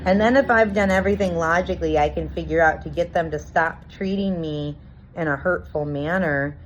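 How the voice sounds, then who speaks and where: A woman's voice: lowish voice, brisk, a little hiss or hum. A woman in a reflective personal monologue, earnestly working through a confusing experience and acting out bits of dialogue. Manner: earnest, searching, reenacts dialogue. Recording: dull lo-fi recording.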